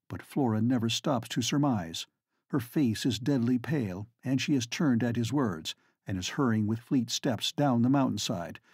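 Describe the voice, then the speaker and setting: A man narrating a novel as an audiobook in a measured, dramatic storytelling manner. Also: mid-range voice, darkish tone, breathy edge, no room sound, clean studio sound. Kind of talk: scripted narration.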